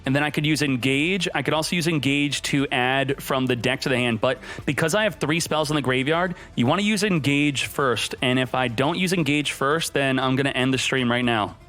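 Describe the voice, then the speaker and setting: A man streaming a card game, giving excited, jokey commentary and talking to himself as he plays. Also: mid-range voice, normal speed, few pauses, faint music behind. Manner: hyped, jokey, talks to himself while playing. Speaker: gaming streamer.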